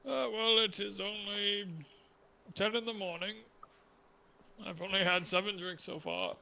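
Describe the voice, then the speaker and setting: A man puts on a tipsy, courtly starship captain with a bearded, seafaring air. The voice sits high and bright with a heavy gravelly rasp, and the phrasing stays stiffly polite and formal. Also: fairly even intonation, measured pace, lo-fi sound, a little hiss or hum, exaggerated voice. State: drunk. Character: drunken bearded male ship captain, genial and formal. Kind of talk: voice-chat role-play.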